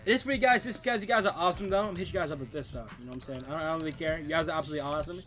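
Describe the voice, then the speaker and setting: A young man streaming gameplay live, trash-talking opponents excitably and calling everyone bro and dude. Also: a little high, rapid-fire. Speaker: gaming streamer.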